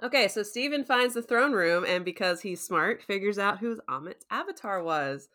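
A woman hosting a casual recap chat, animated, laughing often and acting out scenes. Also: mid-range voice, moderate pace. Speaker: podcast host.

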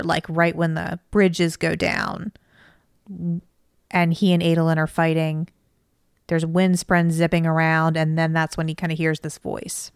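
Smooth-voiced woman discussing a book. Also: deep voice, dry recording, clean studio sound. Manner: thoughtful, analytical, peppered with "you know". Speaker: podcast co-host; mother of school-age kids.

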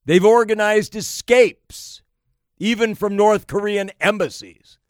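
Slow emphatic man commentator. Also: high-pitched, dry recording, studio quality. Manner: slow, deliberate, piling up emphatic phrases. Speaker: political commentator. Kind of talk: emphatic political monologue.

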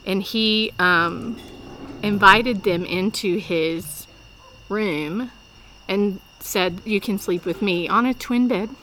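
A woman's voice: mid-range voice, slow, bright, forceful tone, rough recording. A woman hosting a casual podcast chat in the field, chatty and given to laughter, tearing up when moved. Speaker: podcast host. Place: outdoors at a mission home with people working nearby. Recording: field recording with faint background noise.

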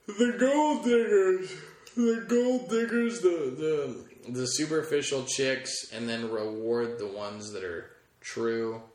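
A man's voice: medium pitch, a bit bright. A man hosting a comedy podcast, rambling through a chatty, casual monologue and swearing freely. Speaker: podcast host. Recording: echoey room.

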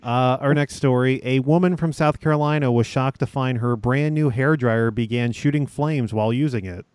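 A man hosting a casual podcast, reading out odd news stories with frequent pauses. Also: medium pitch, darkish tone, clean tone, no echo, studio quality. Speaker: news-story host.

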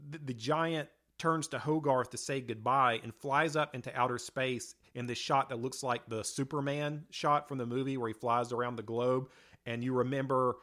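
A man in an ordinary pitch co-hosts a relaxed podcast conversation. He rambles enthusiastically, filling pauses with "um" and "uh" as he works through his thoughts. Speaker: podcast co-host. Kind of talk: casual chat.

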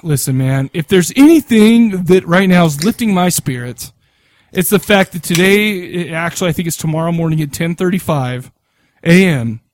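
A man with a fairly high voice hosts a casual podcast chat. He rambles in a laid-back way and keeps saying "man", close to a dry mic with no room sound. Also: lively intonation, moderate pace, dry recording. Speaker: podcast co-host.

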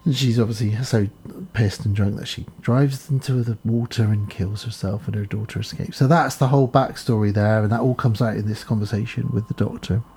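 A man's voice: lowish voice, steady tone, brisk, mellow, slight background noise. A man co-hosting a podcast, casually retelling a film plot and acting out bits of dialogue. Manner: rambling recap, acts out lines. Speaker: podcast co-host.

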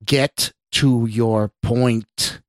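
A man's voice: medium pitch, expressive, measured pace, dry recording, natural voice. A man voicing a stern older male government official who speaks curtly and callously, in a story reading. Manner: curt, callous, growling. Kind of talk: audio drama reading.

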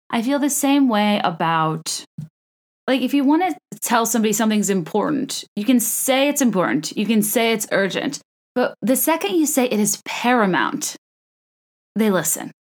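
A young woman from the American South hosting a solo podcast, rambling casually and poking fun at herself. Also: mid-range voice. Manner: chatty, self-deprecating, rambling with restarts and laughs. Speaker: podcast host.

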